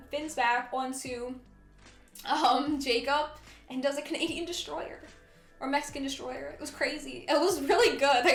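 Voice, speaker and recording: A woman recaps wrestling in a chatty, excitable way, full of fillers and little laughs. Her voice sits fairly high. The room is echoey, and faint music plays underneath. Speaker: wrestling commentary vlogger. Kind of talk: casual recap commentary.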